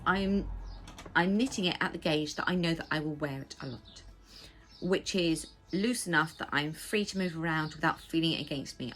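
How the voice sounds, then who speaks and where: An English woman chatting casually as the host of a knitting podcast, rambling with quick asides. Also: sits low, bright, forceful tone. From England. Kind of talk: casual chat. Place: home.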